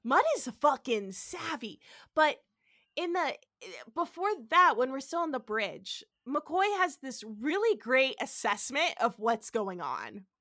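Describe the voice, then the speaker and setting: Podcast co-host, woman, higher voice, crisp bright tone, chatty and giggly. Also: big pitch swings, takes it slowly. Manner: chatty, filler-heavy, laughs often. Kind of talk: casual podcast chat recapping a TV episode.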